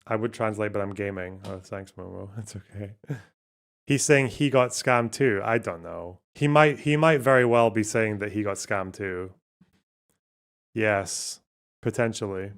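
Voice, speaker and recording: A man's voice: lowish voice, fairly bright tone. A man streaming live, commenting casually on the news, swearing and laughing often, reading out translated lines as he goes. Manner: casual, profane, laughs often, self-mocking; reads translations aloud haltingly.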